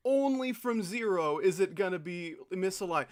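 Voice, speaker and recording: A man's voice: high-pitched, animated, moderate pace, hardly any pauses. Exasperated young man ranting over a game. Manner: exasperated, swearing, incredulous questions. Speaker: gaming streamer. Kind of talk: frustrated live gameplay commentary.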